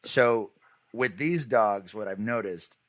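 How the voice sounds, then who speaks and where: A man's voice: fairly low pitch, slow pace, a bit bright. A man hosting a podcast, asking long, rambling questions and humming agreement often. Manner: asks long rambling questions, lots of affirming hums. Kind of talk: casual podcast interview.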